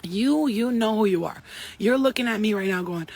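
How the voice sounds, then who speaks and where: A woman's voice: on the high side, fairly quick, a little mellow. A woman giving an intuitive spiritual reading to her viewers, talking in a profane, emphatic and preachy way. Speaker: spiritual reader.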